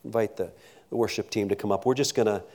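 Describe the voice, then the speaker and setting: A man's voice: on the low side, quick pace, darkish tone. A man preaching a sermon as pastor, earnest, with frequent restarts and stammers and questions put to the congregation.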